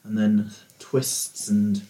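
A man narrating a tabletop game as game master, in a slow, measured way. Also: fairly low pitch, steady tone, warm tone.

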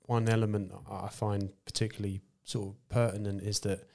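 A man's voice: fairly low pitch, little pitch movement, brisk, creaky, darkish tone. A man hosting a faith podcast, speaking thoughtfully and hesitantly. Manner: thoughtful, hesitant with fillers and repeats. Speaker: podcast host. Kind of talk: casual conversation.

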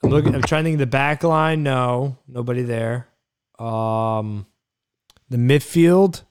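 A man's voice: medium pitch, unhurried, a little mellow, smooth. A man co-hosting a casual sports podcast, thinking aloud and searching for words as he talks. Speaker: podcast co-host. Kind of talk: casual chat.

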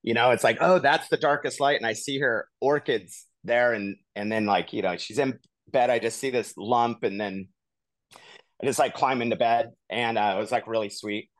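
A man co-hosting a podcast, telling a long personal story in a casual, animated way full of "like" and "you know.". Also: mid-range voice, normal speed, no echo. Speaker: podcast co-host.

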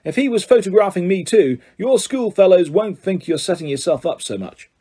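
A man's voice: high-pitched, lively intonation, normal speed, mellow, husky, voice pushed up. A man voicing a vain, self-important teacher who talks in a jovial, patronising way.

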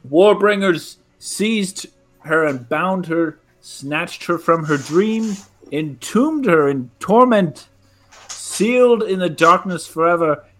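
High-voiced man reciting slowly. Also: a bit bright. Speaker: tabletop game player. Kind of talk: dramatic verse reading.

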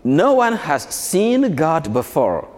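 A priest speaks to schoolchildren in a large church, his voice carried by a long reverb. He talks slowly and gently, with a lively, swinging pitch, and leads the children in call-and-response. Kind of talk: homily to schoolchildren.

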